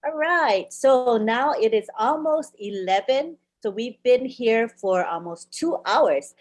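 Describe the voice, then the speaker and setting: A woman's voice: a little high, expressive, slow. A woman hosting a webinar, speaking in an encouraging way. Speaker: webinar host. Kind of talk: casual hosting.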